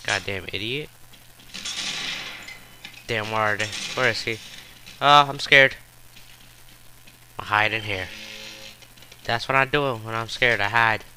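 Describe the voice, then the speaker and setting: A man's voice: lowish voice, slow, pauses often, bright, forceful tone, a little hiss or hum. A man giving live gameplay commentary, frustrated and trash-talking with profane outbursts.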